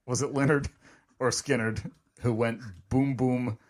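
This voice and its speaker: A man's voice: medium pitch, fairly even intonation, a little slow. A man co-hosting a casual podcast, answering with short, dry, teasing comments. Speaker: podcast co-host. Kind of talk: casual chat.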